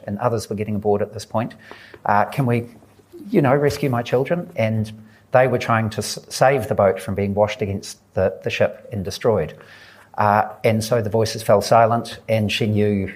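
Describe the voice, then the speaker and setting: A man, an author telling a story at a live book event, earnest and unhurried, voicing the people he quotes. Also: lowish voice. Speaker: author guest at a book talk. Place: live audience event indoors.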